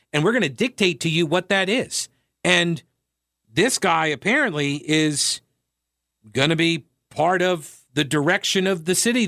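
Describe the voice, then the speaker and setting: A man's voice: fairly bright tone, dry recording, studio quality. A man hosting a radio talk show, delivering a sarcastic solo monologue with mocking asides. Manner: sarcastic, mocking asides, wide pitch swings.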